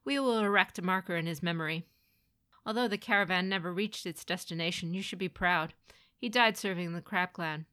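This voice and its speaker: A woman voicing a formal, commanding older man who offers brisk condolences and reasoning. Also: lowish voice, sharp tone, clean tone.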